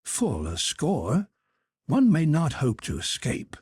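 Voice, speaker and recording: A man voicing a timid, frightened young male page in a high, pleading voice, in an audiobook reading. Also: huge pitch swings, takes it slowly, darkish tone, breathy edge, full character voice. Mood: anxious.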